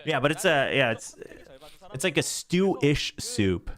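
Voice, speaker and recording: A man's voice: fairly high pitch, sing-song, unhurried, fairly bright tone. A young man hosting an esports watch party, chatting casually and laughing at himself with lots of restarts. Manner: self-deprecating, laughs often, rambling restarts. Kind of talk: casual chat.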